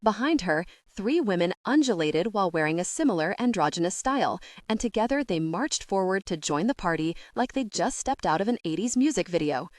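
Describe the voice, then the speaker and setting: A woman's voice: mid-range voice, animated, a little fast, few pauses, dry recording. A woman narrating an audiobook with a wry storytelling manner, close to the mic. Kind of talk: scripted narration.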